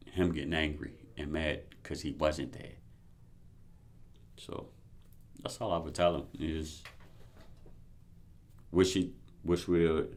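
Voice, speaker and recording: Man, interview subject, very deep and monotone, plain, steady delivery. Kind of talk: spoken letter to his absent father.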